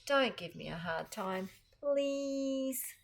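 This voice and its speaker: A stubborn little Australian schoolgirl, as a woman reader puts her on, pitched a touch higher and pleading hard. She talks with emphatic storybook insistence. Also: animated, normal speed, vocal fry, a little hiss or hum. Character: young schoolgirl, sauce-obsessed and stubborn.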